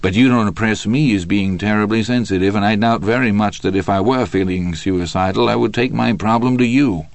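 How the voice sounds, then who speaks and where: Man voicing a composed male defendant, quiet, measured, low voice. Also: close to an everyday voice. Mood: calm. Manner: calm, quiet, measured answers. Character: calm, reserved man on trial for murder.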